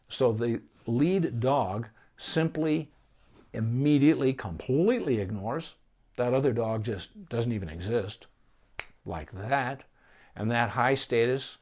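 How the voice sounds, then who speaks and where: A man who is a veterinarian answers viewer questions on a live stream, explaining things calmly and patiently. His voice sits at an ordinary middle pitch. He takes his time, pausing and restarting as he talks it through. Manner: calm, measured explanations with pauses and restarts. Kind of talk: live-streamed Q&A advice talk.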